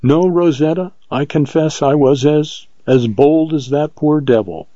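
A male narrator voicing a bold frontier ranger in a storybook reading, earnest and measured. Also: on the high side, mellow, dry recording, dull audio, pitched above the performer's own voice, close to an everyday voice.

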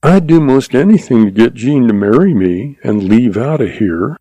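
A man's voice: medium pitch, lively intonation, normal speed, dark tone, dry recording. A man voicing a shrewd young cowboy who talks in a wry, easygoing way.

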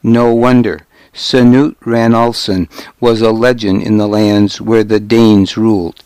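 A male audiobook narrator telling a historical tale in the first person. He reads slowly and deliberately, in a rather low voice. The recording is dry and close, with no room sound. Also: level tone, a little mellow, clean tone, no room sound. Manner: measured, deliberate storytelling.

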